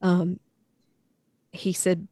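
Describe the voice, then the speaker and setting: A woman co-hosting a podcast, telling a funny story in a casual, animated way and laughing often. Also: on the low side, extremely slow, dry recording. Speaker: podcast co-host.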